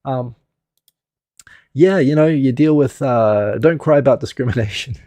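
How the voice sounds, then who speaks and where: A man's voice: mid-range voice, a little slow, warm tone, no room sound. A middle-aged man hosting a casual live stream, rambling and laughing at himself as he chats through topics. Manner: rambling, self-deprecating, laughs often.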